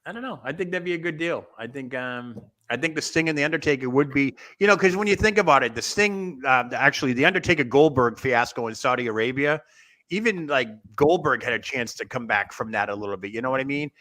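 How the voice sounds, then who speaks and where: A man's voice: medium pitch, fast, bright, forceful tone. A man co-hosting a wrestling talk show in casual panel chat, rambling, thinking aloud and laughing often.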